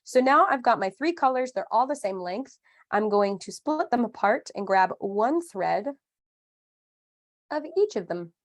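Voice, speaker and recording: A woman's voice: a little high, lively intonation, measured pace. A woman in her thirties leads a live online craft lesson, chatty and upbeat. She explains each step with playful asides and a friendly, conversational pace. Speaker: craft class instructor.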